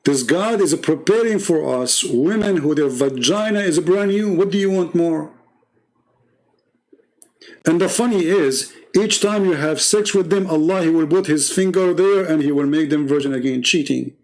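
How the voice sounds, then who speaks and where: A man's voice: on the high side, moderate pace, darkish tone. A man hosting a live debate stream, delivering a heated, scornful monologue full of mocking rhetorical questions.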